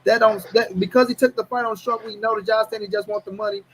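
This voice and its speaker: A man co-hosting a boxing talk show, arguing loudly and profanely, talking over the other host in a heated casual debate. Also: sits high, fairly even intonation, quick pace, slight background noise, poor audio.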